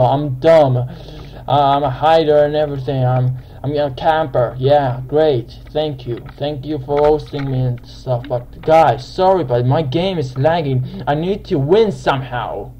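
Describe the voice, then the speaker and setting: A young man giving casual gameplay commentary as a channel host, excitable and quick to yell in frustration at other players. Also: a little high, a little hiss or hum.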